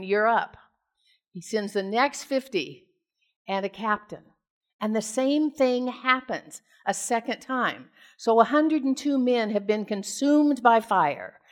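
An American woman preaching from the pulpit at an ordinary, mid-range pitch. She reads scripture with care, slips into relaxed, conversational retellings, and asks the congregation direct questions. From United States. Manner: storytelling, casual asides, questions to the congregation. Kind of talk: scripture reading and sermon.

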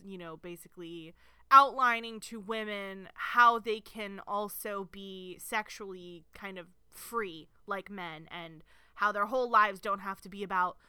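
A woman's voice: mid-range voice, unhurried, sharp tone, smooth, no echo, studio quality. A woman co-hosting a podcast, chatting casually and bluntly, laughing often. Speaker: podcast co-host.

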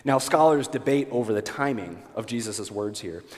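A man's voice: fairly low pitch, expressive, normal speed, a little mellow, long reverb tail. A male pastor giving a sermon in a conversational way, with light humor and rhetorical questions. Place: church sanctuary.

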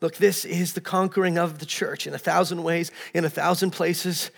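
A man's voice: fairly high pitch, flat delivery, moderate pace, creaky, a bit bright, long reverb tail. A man pastor preaching a sermon, earnest and emphatic, often repeating words as he builds a point.

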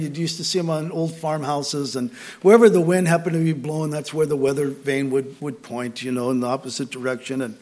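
Conversational male pastor, fairly high-pitched. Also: darkish tone. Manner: conversational preaching with rising emphasis and frequent asides. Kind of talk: sermon. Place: church.

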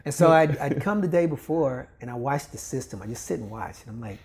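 An older man from Kentucky tells a story in an interview, lively and animated. He puts on voices for the people he quotes and breaks into laughter often, his pitch swinging high and low. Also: fairly quick, crowd noise. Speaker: volleyball coach, podcast guest. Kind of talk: casual storytelling.

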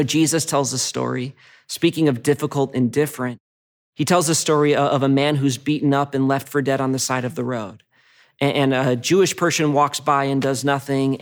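A man preaching as a pastor, telling stories earnestly and reading from scripture. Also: mid-range voice. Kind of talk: sermon.

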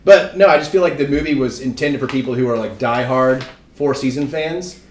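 A man's voice: medium pitch, fairly quick, a little mellow, a little hiss or hum. Easygoing young man, roomy echo. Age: young adult. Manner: rambling, easygoing, digresses. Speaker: podcast co-host. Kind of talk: casual chat. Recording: echoey room.

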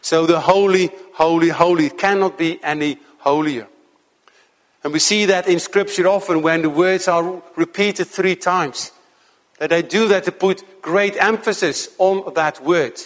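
A man preaching a sermon to his congregation in an earnest, measured way, slowing down to stress key points. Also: sits high, in a large hall. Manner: earnest, measured preaching with slow emphatic stretches.

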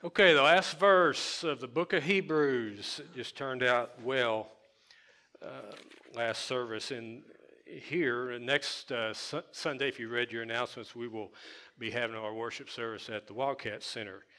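A man's voice: mid-range voice, a little slow, sharp tone. A man pastor preaching a conversational sermon, with fillers and repeated words for emphasis.

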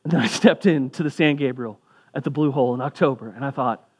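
A man's voice: medium pitch, fast talker. A man preaching as a pastor, talking in a conversational way with asides, his voice rising for emphasis. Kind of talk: sermon.

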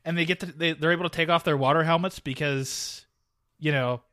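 A man's voice: a little high, fairly even intonation, brisk, pushed and bright, no room sound, studio quality. A man co-hosting a casual chat podcast, bantering in a wry, playfully contrary way. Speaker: podcast co-host.

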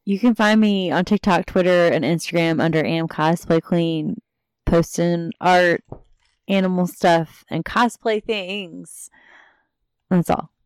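A woman's voice: on the low side, slow, smooth, dry recording. A woman playing a tabletop game, talking in an easygoing, matter-of-fact way. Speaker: player. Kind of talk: casual tabletop game chat.

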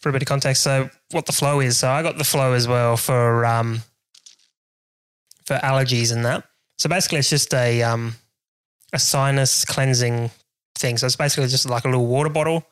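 A man's voice: medium pitch, steady tone, brisk, clean tone, no room sound. A man co-hosting a casual chat, rambling along with lots of fillers. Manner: laid-back, rambling with fillers. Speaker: podcast co-host.

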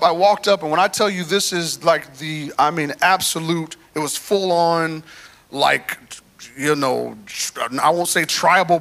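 A man preaching a sermon in a church, telling his own story in a lively, chatty way and drawing in the congregation. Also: fairly high pitch. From United States. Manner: animated, conversational, talks to the crowd. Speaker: guest preacher.

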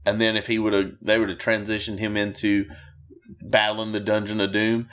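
A man co-hosting a casual chat about wrestling matches, animated and profane as he rants and jokes. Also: fairly low pitch, moderate pace. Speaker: podcast co-host.

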